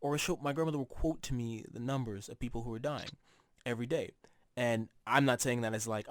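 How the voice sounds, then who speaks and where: Young podcast guy rambling about his family, cussing a lot, mid-pitched voice, dry close mic. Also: brisk, no echo. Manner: rambling storyteller, swears freely, acts out relatives' lines. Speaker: podcast co-host. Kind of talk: casual chat.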